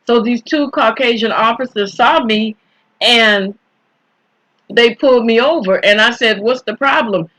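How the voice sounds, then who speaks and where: A woman telling a personal story in a casual, indignant, conversational way, often clearing her throat. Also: fairly high pitch, a little slow, a bit bright, low-quality recording.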